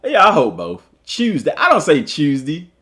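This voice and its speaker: A man with a Southern US drawl gives casual live commentary, reading passages aloud, then breaking off to joke with his viewers. His voice sits fairly high for a man and swings widely in pitch. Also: normal speed. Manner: animated and joking, chats with viewers between read passages. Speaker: streamer and school football coach.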